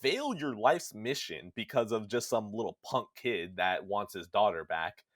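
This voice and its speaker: A man hosting a casual gaming podcast, retelling a story with lively, animated delivery. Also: fairly low pitch, a little slow, dry recording, studio quality. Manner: animated storytelling, acts out characters in goofy voices. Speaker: podcast host.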